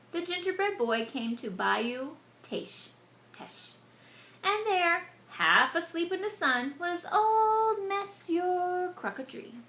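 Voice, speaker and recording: A woman reading a picture book aloud to children, animated and stopping to explain words to them. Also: very high-pitched. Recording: echoey room.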